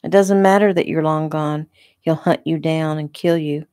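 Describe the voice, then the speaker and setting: A frightened young woman who pleads and cries out urgently, voiced by a woman reading her own book. The voice rises higher than its usual low, slightly gravelly pitch and is recorded close and dry. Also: fairly even intonation, moderate pace, warm tone, dry recording. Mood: frightened pleading. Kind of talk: audiobook reading.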